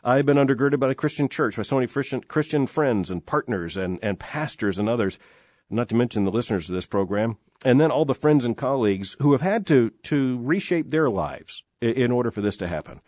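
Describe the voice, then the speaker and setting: A man's voice: medium pitch, expressive, brisk, a little mellow, dry recording. A middle-aged man hosting a radio show from a studio, talking in an earnest, emphatic way with lots of "uh" fillers. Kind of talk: reflective radio talk. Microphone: studio microphone.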